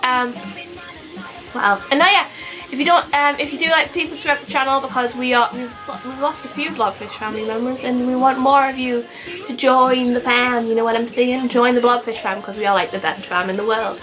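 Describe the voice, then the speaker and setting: Bright giggly young woman. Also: a little high, fairly even intonation, fairly quick, faint music behind, rough recording. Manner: giggly, rambling, full of "like". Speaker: vlogger. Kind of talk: casual storytime vlog.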